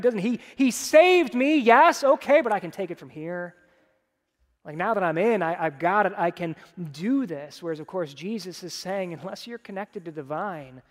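A male pastor delivers a sermon in a casual, conversational way, briefly acting out the people he quotes. His voice sits high for a man. The sound carries a long reverb from a large hall. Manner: conversational preaching, mimics voices when quoting.

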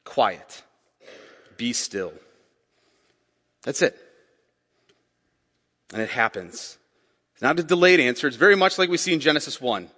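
A man with a slightly high voice delivers a sermon in a conversational style. He poses questions to the listeners and repeats the key phrases. His voice carries a long reverb, as in a church sanctuary. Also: expressive, normal speed, long pauses, pushed and bright. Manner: conversational preaching with rhetorical questions and repetitions. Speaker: pastor.

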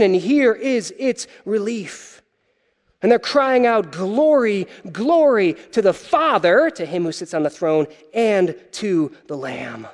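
A man preaching a sermon as pastor, animated and wry, with joking asides to the congregation. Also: high voice, long reverb tail.

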